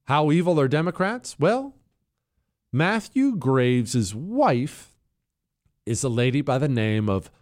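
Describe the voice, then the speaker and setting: A man's voice: mid-range voice, very animated, slow. A man hosting a talk radio show, delivering an opinionated monologue in a combative, sarcastic way.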